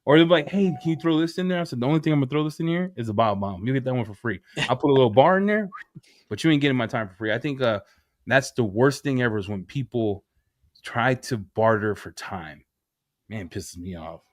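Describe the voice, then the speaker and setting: A man co-hosting a podcast in casual chat, telling stories with lively acted-out quotes. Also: medium pitch, fairly quick, dry recording, clean studio sound. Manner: animated storyteller, acts out quotes. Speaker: podcast co-host.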